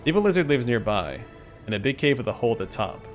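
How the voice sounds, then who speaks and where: A man doing a whiny spoiled demon queen, petulant, smug, lively up-and-down delivery, game voice-over. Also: medium pitch, fast talker, soft background music, natural voice. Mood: petulant whining. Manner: whining, smug, self-pitying.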